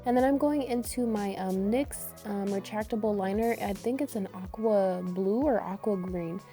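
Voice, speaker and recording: Chatty young woman, mellow voice. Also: medium pitch, moderate pace, soft background music. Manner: chatty, upbeat, addresses viewers as beauties and girl. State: getting over an illness, voice a bit harsh. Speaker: beauty vlogger. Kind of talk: makeup tutorial voice-over.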